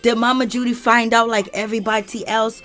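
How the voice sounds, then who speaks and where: A woman's voice: fairly high pitch, a little fast. A woman casually recapping reality TV drama in a chatty, laughing way, acting out what others said. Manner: chatty, laughing, quotes people in animated voices. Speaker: commentary channel host.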